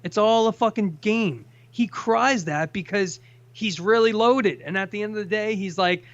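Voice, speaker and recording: A man's voice: high-pitched, moderate pace, no room sound. A man hosting a casual call-in chat, ranting with plenty of profanity. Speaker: host. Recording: dull lo-fi sound.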